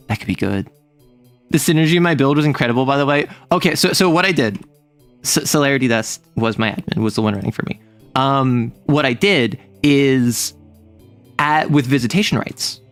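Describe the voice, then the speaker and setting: A man streaming a casual chat, telling a rambling, animated story and laughing often. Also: medium pitch, moderate pace, pauses often, soft background music.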